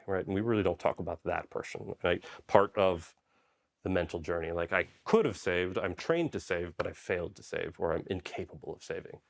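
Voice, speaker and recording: A man's voice: low voice, brisk. A middle-aged man from Poland, a former army medic, telling stories in a conversational interview style, often checking in with "right?". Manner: conversational, frequent "right?" and "you know" tags. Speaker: guest, army special forces medic. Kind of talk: interview storytelling.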